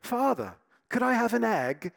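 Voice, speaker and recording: A man's voice: very high-pitched, very animated, a little slow, creaky, dry recording, clean studio sound, pitched above the performer's own voice, full character voice. A man putting on a mock British accent to play a young boy asking his father for food. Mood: pleading. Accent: put-on British.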